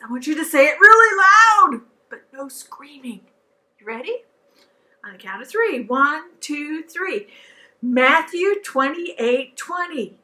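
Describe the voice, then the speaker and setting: A woman's voice: sits high, sharp tone, rough recording. A woman teaching children a scripture memory verse, coaxing them to count and recite along with her. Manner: coaxing call-and-response, counting aloud. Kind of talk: leading a scripture memory lesson.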